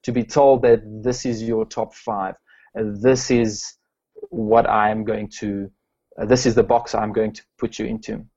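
A man's voice: fairly low pitch, level tone, unhurried, warm tone, dull audio. A man from South Africa, a strengths coach, answering interview questions with many fillers and restarts.

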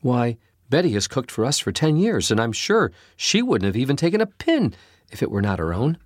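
A man doing a gentle worried mother. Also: mid-range voice, sing-song, brisk, dry recording, clean studio sound. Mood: troubled.

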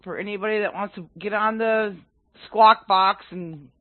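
A man's voice: sits high, fairly even intonation, moderate pace, no room sound. A man co-hosting a casual podcast chat on a cheap headset mic, blunt and profane. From upper Midwest of the United States. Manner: profane, blunt, loud outbursts. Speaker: podcast co-host. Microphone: cheap headset microphone. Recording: phone-like narrow band, dry.

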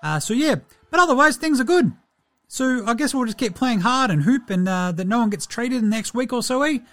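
A man's voice: very high voice, expressive, brisk, fairly bright tone. A man putting on a chummy New Zealand baller. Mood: easygoing. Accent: New Zealand (put on). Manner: chummy, rambling, says "bro" and "eh" constantly. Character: laid-back friendly New Zealand basketball big man. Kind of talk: comedy bit, mock diary entry.

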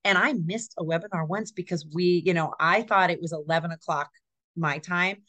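A woman's voice: on the low side, moderate pace, a bit bright, dry recording. A woman from California, a dog trainer chatting as a guest in an earnest, rambling way. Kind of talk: casual chat.

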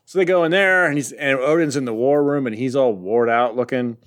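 A man's voice: medium pitch, a little fast. A man co-hosting a podcast, casually recapping a comic with jokes and rambling asides. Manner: joking, rambling. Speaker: podcast co-host.

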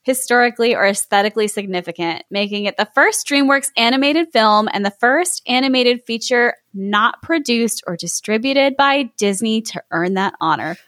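A woman's voice: a little high, animated, normal speed, few pauses, fairly bright tone, no echo, studio quality. A woman co-hosting a casual podcast chat, sharing trivia in a chatty way and laughing often. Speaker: podcast co-host. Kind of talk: casual chat about a film.

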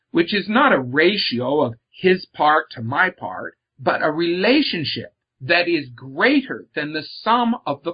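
A man's voice: fairly high pitch, breathy edge. A man speaking earnestly about faith as an author and guest, stressing his words and often repeating them. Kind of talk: reflective religious discussion. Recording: slightly muffled, lo-fi audio.

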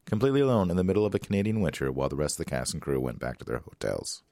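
A man's voice: a bass voice, sing-song, very fast, dark tone, no echo, clean studio sound. A man co-hosting a casual podcast, amused, reading out trivia and asking questions. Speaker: podcast co-host. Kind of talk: casual chat.

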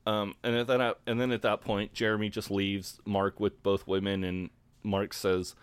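A man, co-hosting a casual podcast chat, laid-back and quick to swear and laugh. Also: lowish voice, little pitch movement, clean tone, dry recording. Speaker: podcast co-host. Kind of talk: casual chat recapping a TV episode.

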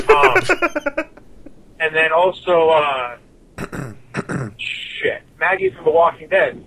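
A man's voice: a little high, huge pitch swings, very slow, long pauses, pushed and bright, rough recording. A man giving a profane, rambling rant as a listener's recorded message to a podcast, swearing constantly and drifting from point to point.

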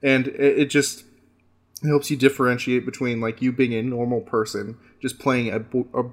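A man co-hosting a casual podcast chat, speaking thoughtfully with restarts and pauses. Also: medium pitch, level tone. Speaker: podcast co-host.

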